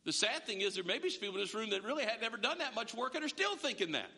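A pastor preaches a sermon in a high, gravelly, very animated voice, racing along with hardly any pauses and a sharp tone. He keeps it conversational, quizzing the congregation with rhetorical questions, and a long hall reverb follows his words.

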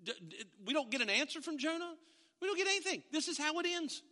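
A man preaching a sermon, telling a family story with animated, acted-out quotes. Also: very high voice, quick pace, long reverb tail. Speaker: pastor.

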